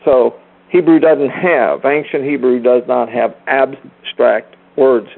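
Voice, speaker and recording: Man in his sixties, earnest, emphatic, repeats phrases, mid pitch, tinny phone line. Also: fairly even intonation, slow, gravelly. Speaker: teacher on a group phone call. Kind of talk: informal teaching talk.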